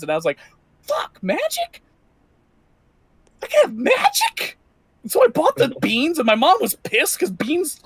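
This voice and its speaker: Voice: medium pitch, no echo, pitched above the performer's own voice. A game master voicing a nervous young man in his twenties who rambles and stammers with anxious energy.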